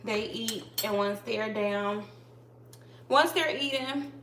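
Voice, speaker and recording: A woman with a bright, sharp voice pitched a little high talks her viewers through a live cooking stream in her home kitchen. She keeps calling out to the audience in a chatty, easygoing way, and pans and dishes clatter faintly behind her. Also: takes it slowly, slight background noise, rough recording. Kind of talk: casual live cooking chat. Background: clatter of pots and dishes.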